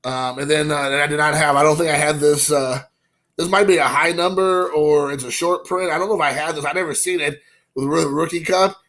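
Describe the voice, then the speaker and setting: Bright-voiced man chatting about cards. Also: fairly high pitch, brisk. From Indiana, USA. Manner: rambling, excited storytelling with quoted asides. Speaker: card-collecting channel host. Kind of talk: casual vlog chat.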